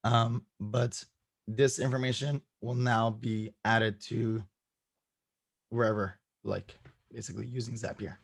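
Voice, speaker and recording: A hoarse man walks a group through his setup on a video call, upbeat and laughing now and then. His voice sits at an everyday pitch. The sound is close and dry, with no room around it. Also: level tone, unhurried, dry recording. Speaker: guest presenter.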